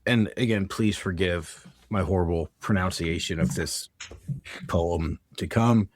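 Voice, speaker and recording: A man's voice: low-pitched, unhurried, dry recording, studio quality. An American man co-hosting a podcast, talking casually from his notes and often stumbling and correcting himself mid-sentence. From United States. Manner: rambling, self-correcting, stumbles over words. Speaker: podcast co-host. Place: home with dogs nearby.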